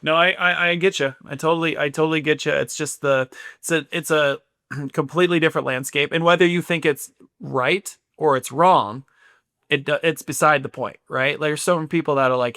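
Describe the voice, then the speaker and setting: A man in his thirties co-hosting a podcast, talking in an easygoing, agreeable, measured way as a former player. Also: a little high, steady tone, sharp tone, no room sound, studio quality. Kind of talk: casual chat.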